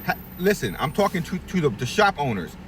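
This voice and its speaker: Blunt, profane barber with lively pitch. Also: male voice, brisk, recorded from a distance, a little hiss or hum. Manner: blunt, profane, preachy, acts out quoted voices. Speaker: barbershop owner. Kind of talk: candid advice rant to camera.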